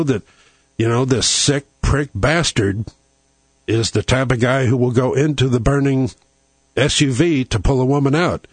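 A man's voice: mid-range voice, no echo. A man hosting a talk show, telling a long rambling story in a casual way. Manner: rambling storyteller who acts out quoted lines.

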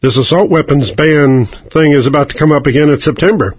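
A man voicing an excitable older gun-lobby man who rambles in indignant, rising complaints, over a dull, dry radio broadcast. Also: a little high, slightly rough, no room sound. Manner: fast, rising, whiny indignation.

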